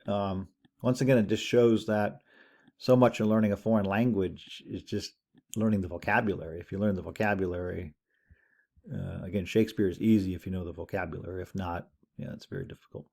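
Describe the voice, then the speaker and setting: A man teaching an introductory Latin class in a relaxed, conversational lecture, thinking aloud as he goes. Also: low voice, a little fast, vocal fry. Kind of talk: recorded lecture over screen share.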